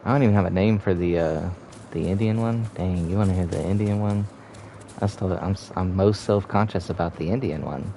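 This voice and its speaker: A man's voice: sits low, fairly even intonation, a little fast, vocal fry, dark tone, a little hiss or hum. A young man streaming a game, giving laid-back casual commentary and humming between remarks.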